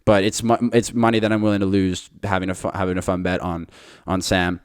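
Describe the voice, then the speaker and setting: A man's voice: deep voice, little pitch movement, a little fast, clean tone, dry recording, clean studio sound. A man hosting a podcast, giving his betting picks in a confident, chatty monologue to listeners. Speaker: podcast host.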